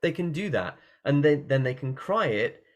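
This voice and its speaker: Teaching singing in an online workshop, this man talks casually from his computer room, his mid-range voice making big pitch swings. Now and then he breaks into quick sung and yelled demonstrations.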